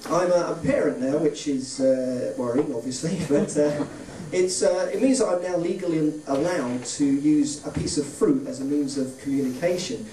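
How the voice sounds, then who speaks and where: Here a man with a voice on the high side performs stand-up at a club, his dry one-liners and offhand asides coming at a moderate pace with few pauses and a mellow tone. It's a roomy recording with him far from the mic, slight background noise, and audience laughter.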